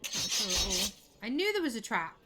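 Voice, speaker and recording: A woman streaming a game live, chatting away excitably and swearing now and then. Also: medium pitch, normal speed, very noisy. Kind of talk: live gameplay commentary.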